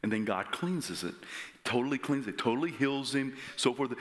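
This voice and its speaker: Animated man preaching a dramatic sermon. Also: medium pitch, normal speed. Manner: dramatic, animated storytelling with sudden whispers and shouts.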